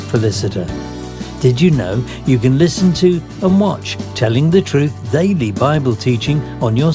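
Guy doing the show announcements, friendly read, guitar playing under him. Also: medium pitch. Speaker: radio program announcer. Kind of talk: scripted announcement. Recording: guitar music behind the voice.

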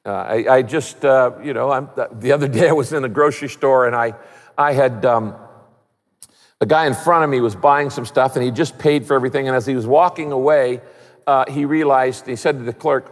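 A man preaching a sermon as a pastor, conversational and animated, with humor. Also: medium pitch, fairly quick, in a large hall.

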